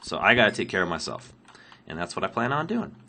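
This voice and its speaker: In casual gameplay commentary, a sick Canadian man fields viewer questions while playing the block-building game Minecraft, full of ums and laughter as he rambles. He's very animated and quick, with a lowish, bright, forceful voice.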